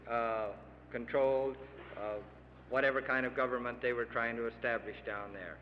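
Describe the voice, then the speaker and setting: Middle-aged guy making an earnest speech to farmers, slightly high voice, faint hiss behind. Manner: earnest, pleading, emphatic. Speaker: official giving a speech to farmers. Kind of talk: public speech. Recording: lo-fi archival radio recording with long hall reverb.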